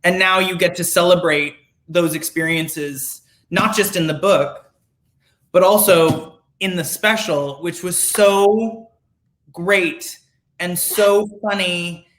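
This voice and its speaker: Low slow woman interviewer, lots of mm-hmms, calm. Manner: attentive, backchannels with soft affirmations. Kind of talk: book talk interview.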